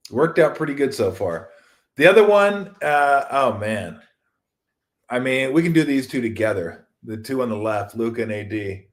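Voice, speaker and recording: A man's voice: medium pitch, normal speed. A man in his fifties hosting a casual solo sports talk show, rambling and joking as he acts out other people's voices.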